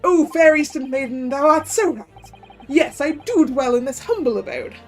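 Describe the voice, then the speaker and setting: A woman's voice: high voice, lively intonation, normal speed, faint music behind. A woman voicing a posh, theatrical man who speaks in grandiose, archaic phrases. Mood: flowery, grandiose.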